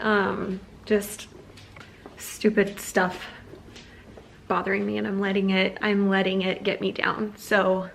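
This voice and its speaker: A woman's voice: mid-range voice, creaky, a little hiss or hum. Chatty young woman vlogger, earnest. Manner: chatty, heavy use of "like" fillers; earnest and upset, close to tears. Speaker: small business owner and artist. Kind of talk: casual vlog talk to camera.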